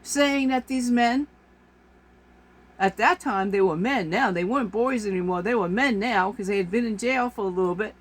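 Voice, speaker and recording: Sex: woman. Role: vlogger. Style: ranting monologue. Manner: exasperated, repetitive. Pitch: middle. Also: normal speed.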